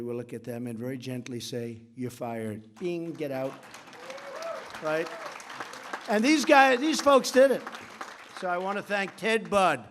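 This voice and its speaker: A man with a fairly high voice delivers an off-the-cuff political speech into a podium mic. He rambles, circles back and repeats himself, dropping boastful asides. A faint crowd murmurs behind him in a big conference hall. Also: background noise. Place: large conference hall with audience.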